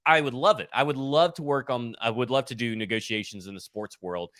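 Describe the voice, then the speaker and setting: A man talks sports contracts in a blunt, methodical way. His voice is bright and forceful at a middle pitch. The sound is dry and close to the mic. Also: brisk, dry recording. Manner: blunt, explains numbers step by step. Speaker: sports show co-host and salary cap analyst. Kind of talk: casual sports talk.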